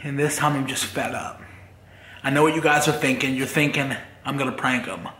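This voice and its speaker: A man recording a confessional vlog in his garage, talking in a halting, upset way with many pauses. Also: mid-range voice, sharp tone, echoey room. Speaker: vlogger.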